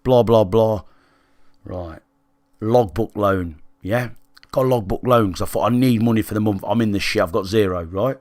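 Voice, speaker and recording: A man's voice: on the low side, moderate pace, darkish tone, dry recording, studio quality. Blunt, sweary British man talking to chat. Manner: blunt, sweary, conversational, checks in with listeners. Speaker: gaming livestreamer. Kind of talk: candid storytelling to live chat.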